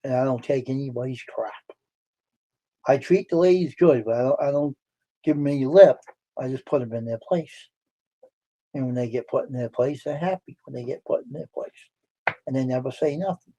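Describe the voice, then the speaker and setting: A man's voice: mid-range voice, fairly quick, warm tone. A man hosting a live stream, telling stories in casual chat in a blunt, boastful way. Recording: dull lo-fi stream audio.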